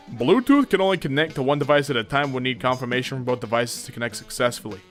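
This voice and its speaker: A man hosting a casual comedic meme commentary, jumping into squeaky silly voices. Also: fairly bright tone. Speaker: meme reaction host.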